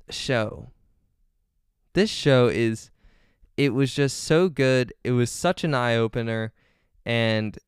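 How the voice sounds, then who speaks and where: A young man hosts his own solo podcast in a medium-pitched, clear and resonant voice, recorded with studio quality and no echo. He chats casually but rambles, gets easily sidetracked into side stories, and says "um" a lot.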